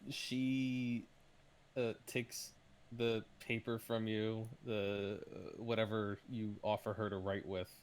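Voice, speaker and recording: A man running a tabletop game as game master, narrating in a slow, unhurried way. He pauses often with ums and uhs, and his voice sits a little low. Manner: hesitant, with many ums and uhs.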